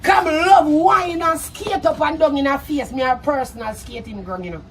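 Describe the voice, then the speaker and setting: A Jamaican man in a shouty patois diss rant, laughing loudly between threats. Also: very high voice, normal speed, distant mic, slight background noise. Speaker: social media personality. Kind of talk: angry diss rant to camera.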